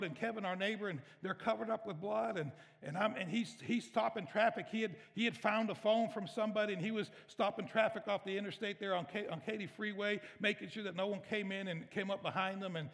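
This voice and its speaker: A man's voice: sits high, fairly bright tone. A middle-aged male pastor, preaching a sermon in a conversational, storytelling way that turns emotional. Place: church sanctuary. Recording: reverberant church hall.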